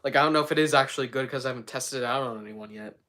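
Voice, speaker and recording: A woman's voice: extremely low pitch, racing, fairly bright tone. A young woman livestreaming in casual chat, rambling with many stumbling restarts and giggles.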